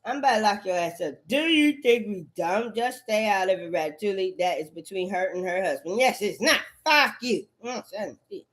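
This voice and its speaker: A woman's voice: medium pitch, animated, brisk, few pauses. A woman in a rambling, profane monologue, full of cursing and repetitive outbursts.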